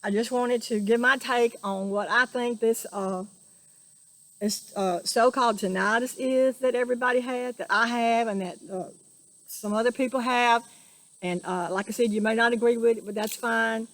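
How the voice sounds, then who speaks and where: A woman's voice: fairly high pitch, fairly even intonation, normal speed, a bit bright, no echo. A woman giving an earnest, emotional spiritual monologue, preaching and repeating herself. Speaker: spiritual vlogger.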